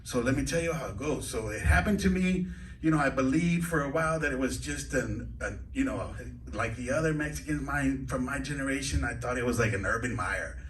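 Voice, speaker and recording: A man's voice: medium pitch, brisk. A man doing stand-up comedy at an open mic night, rambling and hesitant with lots of fillers. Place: comedy club stage, indoors. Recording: echoey club room from a distance.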